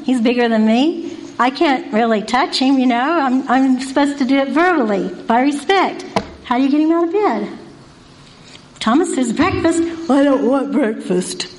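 A woman's voice: sits high, a little hiss or hum, rough recording. A woman giving an informal Christian devotional talk, earnest and folksy, asking one rhetorical question after another. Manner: folksy and repetitive.

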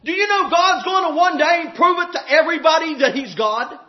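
A man preaching a sermon, impassioned and shouting at times, drawing out emphatic phrases. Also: extremely high pitch, brisk. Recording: echoey, dull hall recording.

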